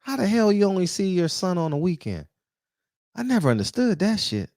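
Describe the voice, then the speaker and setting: Fired-up man preaching with lively pitch. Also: brisk, dry recording, studio quality. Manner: preachy, confrontational, repeats rhetorical questions. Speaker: barbershop talk show host. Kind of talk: heated casual monologue.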